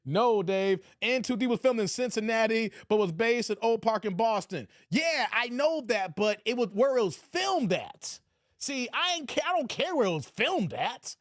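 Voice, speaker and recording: A man's voice: extremely high pitch, big pitch swings, moderate pace, no echo, clean studio sound. A man hosting a casual reaction stream, joking and reading out chat comments, repeating his catchphrases.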